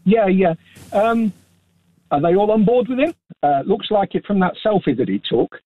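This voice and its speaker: A man calls in to a radio phone-in, hesitating with lots of ums before stating his opinions firmly. His voice is high-pitched and expressive at a moderate pace. It comes through a tinny telephone line with no room sound.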